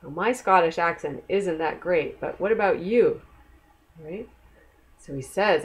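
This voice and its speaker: A woman reading a picture book aloud to children, gentle and asking the listener questions. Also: fairly low pitch, animated, unhurried. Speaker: storyteller.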